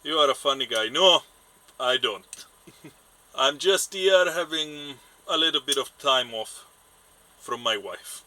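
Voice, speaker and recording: A man doing a cheerful old fisherman for a tabletop game, pitched up from his usual voice and loud. He talks in an odd, quirky accent. His tone is bright, sharp and forceful. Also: animated, takes it slowly, long pauses, heavily acted. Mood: jovial. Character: elderly male fisherman, cheerful and wary.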